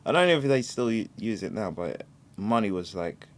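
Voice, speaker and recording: A podcast co-host with a lowish voice tells animated stories in a casual chat at a moderate pace. He laughs a lot and swears casually.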